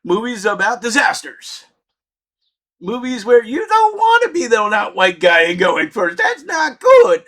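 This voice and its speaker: A middle-aged man telling a comedic story with lots of swearing, shouting out his punchlines. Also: very high-pitched, huge pitch swings, measured pace.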